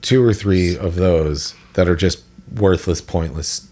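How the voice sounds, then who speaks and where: Deep-voiced opinionated man chatting. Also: unhurried, darkish tone. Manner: opinionated, rambling with restarts. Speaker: podcast co-host. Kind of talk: casual chat.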